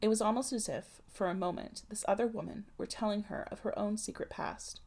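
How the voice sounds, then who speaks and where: A woman reads a classic novel aloud in a measured, literary manner. Her voice is husky and breathy, with a gravelly fry at the ends of phrases, at a middling pitch. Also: steady tone, a little mellow. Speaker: audiobook narrator. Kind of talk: scripted narration of a classic novel.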